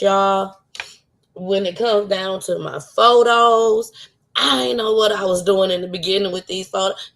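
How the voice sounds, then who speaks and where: A woman hosting her own livestream show, talking in a casual, heartfelt way and laughing often, close to tears. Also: medium pitch. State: tearful.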